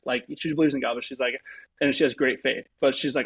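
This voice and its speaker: A young man, a pro baseball pitcher, telling a personal story as an interview guest, rambling with lots of fillers. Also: fairly even intonation, fast, pushed and bright, slightly rough, low-quality recording.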